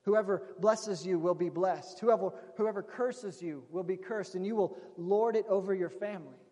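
A man's voice: high voice, moderate pace, dark tone, close to an everyday voice. A man voicing a very old, nearly blind father giving a blessing, in a hall with a long reverb. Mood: solemn.

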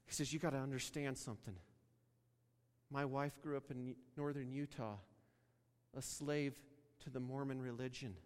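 Man, pastor, sermon storytelling, animated, acts out dialogue, mid pitch, long hall reverb. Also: normal speed, clear, resonant tone. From Wyoming.

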